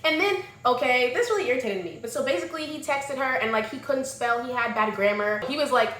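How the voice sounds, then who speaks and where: A woman vlogger giving a casual, sassy movie review with animated, exclamatory asides. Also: high voice, fast talker, a little hiss or hum. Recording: echoey room.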